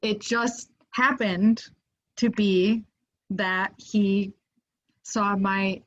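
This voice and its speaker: A woman guest on a podcast, telling a story casually with lots of "like" fillers and getting animated as it builds. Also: medium pitch, extremely slow, dull audio. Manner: animated, lots of "like" fillers, rises when excited.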